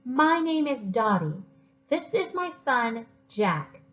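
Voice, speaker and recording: A woman's voice: a little high, sing-song, takes it slowly, fairly bright tone, highs cut off, pitched above the performer's own voice, exaggerated voice. A woman voicing a small, angry mother who scolds her son firmly. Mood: stern. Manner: scolding, firm.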